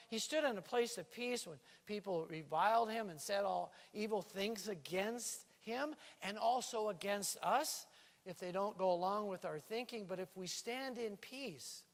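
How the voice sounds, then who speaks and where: A male pastor preaching a sermon in a church, lively and playful, with a stage microphone. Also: sits high. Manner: lively preaching with playful put-on island lilt. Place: church sanctuary. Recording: reverberant church hall.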